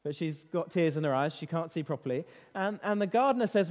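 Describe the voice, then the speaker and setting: A man leading an interactive Bible lesson for children, lively and constantly asking them questions. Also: high-pitched, fairly quick. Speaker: children's talk leader. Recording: reverberant hall.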